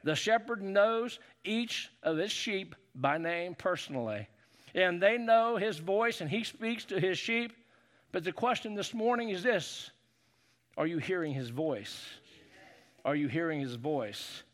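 Male pastor, high-pitched, fervent sermon delivery with call-and-response. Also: lively intonation, measured pace. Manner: preachy call-and-response, building to shouts.

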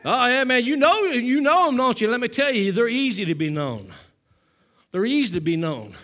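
A man with a high voice preaches to his congregation, calling for responses and answers. He drops to a hushed, breathy storytelling tone, then climbs back into loud, ringing exhortation. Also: big pitch swings, normal speed. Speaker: pastor. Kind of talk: sermon.

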